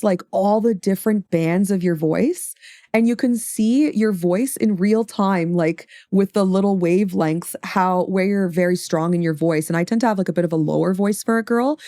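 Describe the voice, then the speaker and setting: A woman's voice: on the low side, warm tone, no room sound. Young female streamer, mid-range voice, chatty and rambling, dry studio mic. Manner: chatty, rambling, swears casually. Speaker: livestream host. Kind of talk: casual stream chat. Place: home streaming setup. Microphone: studio XLR microphone.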